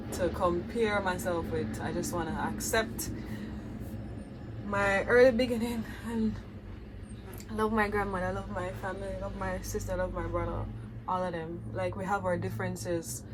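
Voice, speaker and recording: A woman's voice: on the low side, noisy background. A woman with a Jamaican accent talking to her viewers in a reflective, heartfelt vlog. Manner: earnest, heartfelt, addresses viewers directly. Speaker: vlogger.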